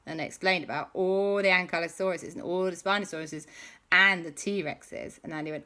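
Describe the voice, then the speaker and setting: A woman telling an improvised children's story, animated, with sound effects and dramatic pauses. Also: lowish voice.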